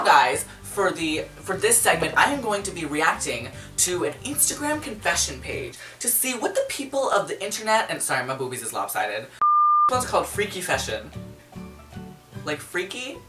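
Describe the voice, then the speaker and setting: A woman hosting a casual chat show, talking in an animated, dramatic way with gasps and outbursts. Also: low voice, moderate pace. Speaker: host. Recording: roomy echo, distant mic, faint music.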